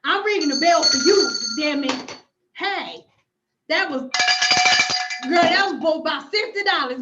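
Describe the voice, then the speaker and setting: A woman's voice: high-pitched, animated, takes it slowly, pauses often, pushed and bright, a little hiss or hum. A woman, hosting a casual hair-care livestream from home and reading viewer comments, sassy, emphatic and profane. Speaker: hair stylist and cosmetologist vlogger.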